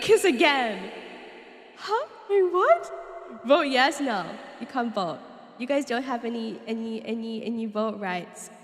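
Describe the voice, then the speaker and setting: Young woman streamer, giggly, bouncy high voice, unhurried chat. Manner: giggly, playful, chatty with chat. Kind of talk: casual live-stream chat.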